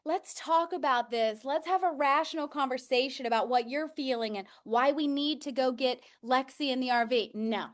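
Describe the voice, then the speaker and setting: High-voiced chatty woman co-host. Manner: laughing, chatty, quick agreement. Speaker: podcast co-host. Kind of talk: casual chat.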